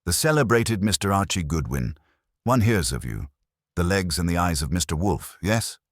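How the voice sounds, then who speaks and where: A man putting on a smooth-accented, courteous detective. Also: very deep voice, very animated, a little slow, dry recording, studio quality, exaggerated voice. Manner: formal, courteous. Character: fastidious polite foreign male detective.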